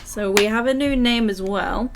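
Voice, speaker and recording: A woman with a croaky throat chatting with her live chat while reading game text aloud. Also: mid-range voice, moderate pace, a little hiss or hum. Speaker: livestream gamer.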